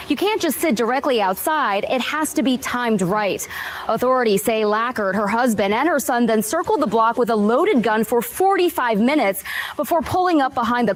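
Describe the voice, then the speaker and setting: A woman reads a news report in a measured, formal way. Her voice sits somewhat high for a woman.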